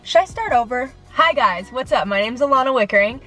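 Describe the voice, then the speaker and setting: A young woman with a fairly high voice chats to camera in a rambling, self-deprecating way, nervous and sweaty. She talks from a room at home with faint music underneath. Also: expressive, a little fast, a bit bright. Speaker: vlogger. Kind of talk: casual chat to camera.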